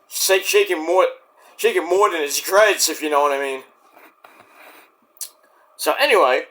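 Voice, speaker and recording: A man's voice: on the high side, moderate pace, sharp tone. A man casually recapping and reviewing a wrestling show, chatty and profane, acting out the wrestlers' lines as he goes. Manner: profane, chatty, acts out quotes.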